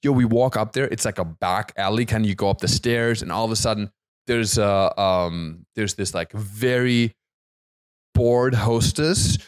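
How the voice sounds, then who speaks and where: A man, co-hosting a podcast, telling stories in a lively way with frequent restarts and laughs. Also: on the low side, a little slow, smooth, no echo, studio quality. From Germany. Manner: animated storyteller, stammers and restarts, laughs often. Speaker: podcast co-host. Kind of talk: casual chat.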